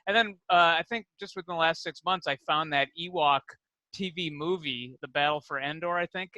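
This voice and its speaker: Middle-aged male co-host, bright and slightly high voice, dry close mic, rambling casual delivery. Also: no echo, rough recording. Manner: dry, rambling anecdotes with frequent fillers. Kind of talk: casual comedic chat.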